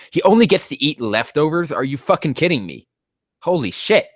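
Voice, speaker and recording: Male commentator ranting over a bad fanfic, swearing often, lively swooping pitch, dry close mic. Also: no room sound. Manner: profane, exasperated ranting. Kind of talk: comedic reading commentary.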